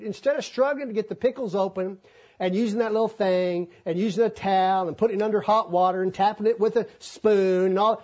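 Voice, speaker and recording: Man, husky voice, animated folksy sermon. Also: high-pitched. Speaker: preacher.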